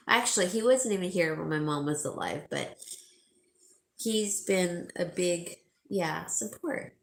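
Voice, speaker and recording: A middle-aged woman speaks slowly to her viewers, her voice gravelly with fry. She is crying and tearful, soft in manner, pausing often. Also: lowish voice. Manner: soft, tearful, talks baby talk to her pet. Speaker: jewelry seller and vlogger. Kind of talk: emotional casual talk to viewers.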